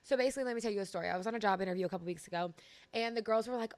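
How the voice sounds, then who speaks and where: A woman's voice: medium pitch, very fast, darkish tone. A woman in her twenties from Louisiana with a light country twang, chatting sassily and rambling on her podcast. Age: 20s. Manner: chatty, sassy, rambling with many likes. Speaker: podcast host. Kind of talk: casual solo podcast chat. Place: home room with washer and dryer running.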